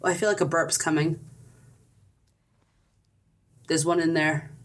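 A woman chatting casually on a podcast in a slow, silly way. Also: deep voice, little pitch movement.

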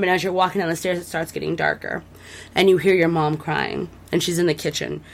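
A woman co-hosting a casual podcast, recapping a horror video game in a rambling, enthusiastic way with lots of fillers and restarts. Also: fairly low pitch. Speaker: podcast co-host.

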